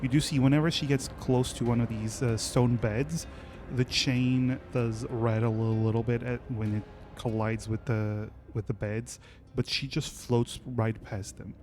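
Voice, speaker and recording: A man running a tabletop game, describing the scene in a relaxed, hesitant way. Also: mid-range voice, unhurried, a little hiss or hum. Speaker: game master.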